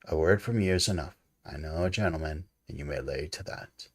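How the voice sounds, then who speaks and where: A man putting on Long John Silver, hearty and loud. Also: a bass voice, brisk. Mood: hearty bargaining. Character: cheery, wily one-legged pirate captain.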